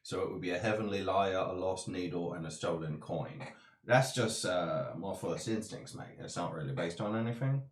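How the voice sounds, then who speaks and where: A man chatting as a player in a tabletop game, animated and chatty. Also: low-pitched, moderate pace. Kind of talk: casual tabletop play. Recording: echoey room.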